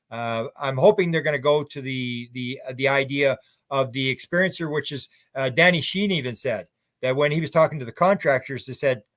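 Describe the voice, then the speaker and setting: A man's voice: fairly high pitch, a bit bright, no echo, studio quality. An older man, a researcher guest on a radio interview, talking in long, rambling, opinionated run-on thoughts.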